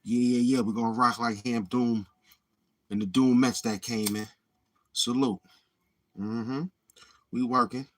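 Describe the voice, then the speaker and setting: Rambling husky man hosting a livestream. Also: mid-range voice, steady tone, a little slow, long pauses. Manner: rambling, with many murmured mm-hmms. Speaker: livestream host. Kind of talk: casual livestream monologue.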